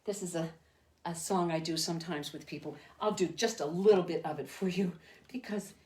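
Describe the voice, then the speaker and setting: A woman's voice: on the low side, fairly quick, a little mellow. Chatty older woman teaching puppetry. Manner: chatty, rambling, with frequent self-corrections. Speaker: children's entertainer and ventriloquist. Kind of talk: casual puppet-making lesson.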